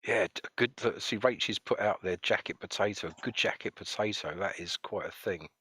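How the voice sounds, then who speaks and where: A man's voice: lowish voice, fairly quick, pushed and bright, slightly rough, no room sound. A man hosting a live stream, chatting casually and joking while reading out viewer comments. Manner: jokey, rambling, reads chat comments aloud. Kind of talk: casual chat on a voice call.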